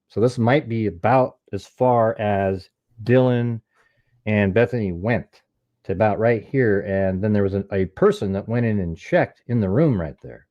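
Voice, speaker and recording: A man's voice: lowish voice, no echo, muffled recording. A man giving a casual, step-by-step breakdown of a recording and pointing out its details. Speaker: true crime commentator. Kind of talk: casual analysis, walking through a recording.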